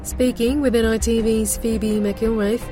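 A woman's voice: fairly high pitch, fairly even intonation, measured pace. Woman reading news over music. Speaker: news presenter.

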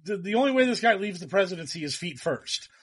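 Man, sarcastic and mocking, casual podcast chat, somewhat high voice. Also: expressive, fast, a bit bright, breathy edge.

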